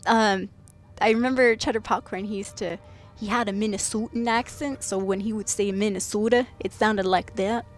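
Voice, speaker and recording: A woman from Washington state with a mid-range, steady voice chats casually at normal speed on a late-night gaming stream, with faint music behind her. She laughs and thanks viewers by name as she plays.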